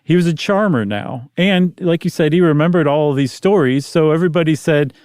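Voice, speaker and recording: A man's voice: on the high side, fairly quick, darkish tone, dry recording, studio quality. A man co-hosting a podcast, explaining and recapping a historical story in casual chat. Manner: explanatory, recaps facts with asides. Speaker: podcast co-host.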